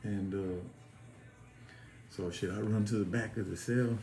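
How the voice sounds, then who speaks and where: Low-voiced man telling a profane story. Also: fairly even intonation, measured pace, creaky, dark tone, soft background music. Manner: profane, rambling, street slang. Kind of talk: casual storytelling. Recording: echoey room with faint noise.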